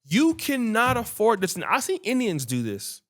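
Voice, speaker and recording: A man hosting a podcast who tells stories in casual chat, animated and swearing freely while acting out what people said. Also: sits high, moderate pace. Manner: animated, acts out quoted dialogue, swears freely. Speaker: podcast host.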